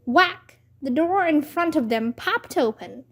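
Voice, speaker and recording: A woman reading a children's book aloud with slow, careful, expressive storytelling. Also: high voice.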